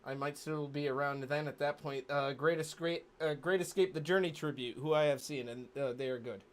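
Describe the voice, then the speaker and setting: A man's voice: on the high side, brisk. A man co-hosting a casual stream, laid-back and crude, with many fillers. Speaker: podcast co-host. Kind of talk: casual profane chat.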